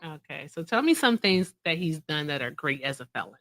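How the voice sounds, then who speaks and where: A woman's voice: low voice, very animated, a little fast, a bit bright. A woman hosting a casual interview and reaction chat, talking in a blunt, teasing, confrontational way. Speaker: host.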